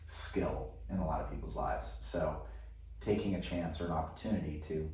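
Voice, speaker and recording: A man's voice: rumbling low, moderate pace, a little mellow, heavy reverb, distant mic. A male podcast guest speaking directly to the listener in a casual chat and encouraging them.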